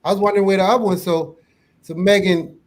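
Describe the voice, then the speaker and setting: A man's voice: sits high, fairly even intonation, quick pace. A man hosting a casual online chat show, laid-back and joking, often stumbling over his words. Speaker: show host.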